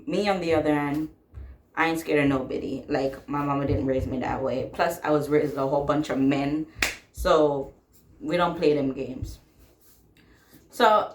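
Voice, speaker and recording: Young woman, low voice, blunt and sassy storyteller, casual vlog, echoey room. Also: moderate pace. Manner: blunt, sassy, swears freely, laughs while telling. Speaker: vlogger telling a personal story.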